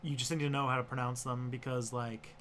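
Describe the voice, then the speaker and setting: A man's voice: mid-range voice, little pitch movement, brisk, a bit bright, a little hiss or hum. A man from Canada with a Toronto accent, rambling and restarting sentences in a casual chat as co-host.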